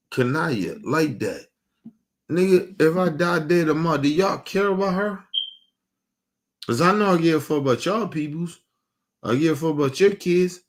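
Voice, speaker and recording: A man livestreams an emotional rant full of profanity. He keeps repeating himself with heated questions, then trails off into low muttering.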